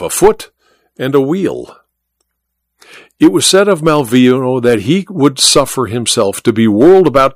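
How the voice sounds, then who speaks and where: Lively male audiobook narrator. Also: mid-range voice, no echo, studio quality. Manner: expressive storytelling. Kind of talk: scripted narration.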